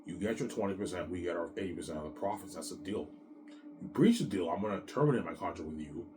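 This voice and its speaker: A man's voice: low-pitched, animated, fast talker. A man hosting his own show, talking in a rambling, boastful and repetitive solo monologue, with a cough now and then. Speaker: show host.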